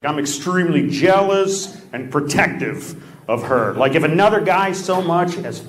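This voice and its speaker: A man doing a stand-up set with crowd work, delivering deadpan one-liners and teasing the audience from a club stage. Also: fairly high pitch, moderate pace, reverberant, slight background noise. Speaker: stand-up comedian. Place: comedy club stage before a live audience. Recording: live club recording with crowd laughter.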